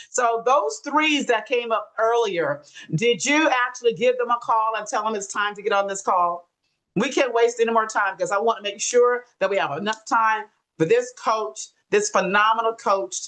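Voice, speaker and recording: A woman hosting an online call, introducing a guest in an energetic way and urging people to post in the chat. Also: on the high side, low-quality recording. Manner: energetic, repeats calls to the chat. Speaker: call host. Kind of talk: hyping host introduction.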